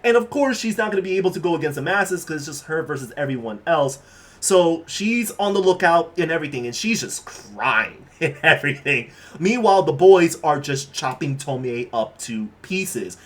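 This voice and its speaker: A man's voice: a little high, lively intonation, normal speed. A man casually recapping a horror manga in laid-back, slangy speech that is full of fillers and the odd swear word.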